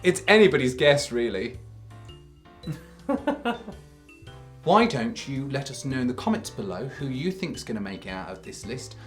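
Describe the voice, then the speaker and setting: A man co-hosting a relaxed chat, full of cheeky one-liners. His pitch swings up and down with animated delivery, and faint music sits in the background. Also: normal speed, pauses often. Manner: cheeky, teasing quips. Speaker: co-host. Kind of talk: casual chat.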